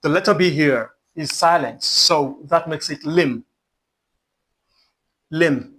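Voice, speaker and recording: Slow, deliberate male pronunciation teacher. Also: on the high side, pushed and bright. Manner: slow, deliberate, repeats each word and example. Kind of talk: pronunciation lesson.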